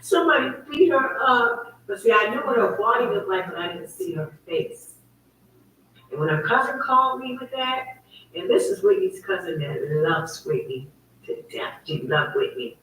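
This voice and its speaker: Very animated and a bit bright, this medium-pitched woman talks at a normal speed while hosting her own online show. Her casual livestream monologue is heated storytelling, emphatic and full of repetition, recorded on a distant mic in an echoey room with faint background noise.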